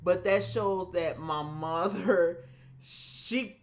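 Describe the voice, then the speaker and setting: Animated woman telling family stories. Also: lowish voice, drawn-out words, muffled recording. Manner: animated, emphatic, acts out quoted voices. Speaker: podcast co-host. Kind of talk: casual storytelling chat.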